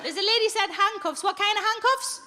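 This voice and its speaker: A woman's voice: very high voice, brisk. A woman comedian doing bawdy, chatty stand-up crowd work in a theatre, laughing at her own jokes. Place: large theatre on stage. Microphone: handheld stage mic. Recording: live theatre with loud noise.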